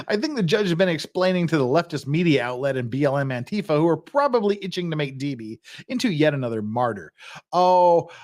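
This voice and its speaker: A man hosting a casual livestream, swearing a lot and rambling while he drinks and gets tipsy. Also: a little high. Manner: profane, rambling, mocking. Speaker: livestream host.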